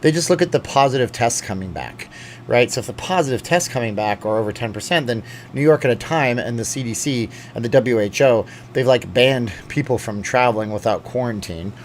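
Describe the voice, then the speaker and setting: A man's voice: mid-range voice, fairly quick, a little hiss or hum. A man from Canada hosting a casual live stream, rambling and jokey, reading out viewer chats.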